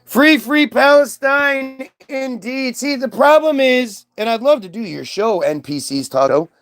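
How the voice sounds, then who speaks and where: A man's voice: extremely high pitch, lively intonation, a little slow, fairly bright tone. A man hosting a livestream, rambling and swearing while reading things aloud from his screen. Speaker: livestream host.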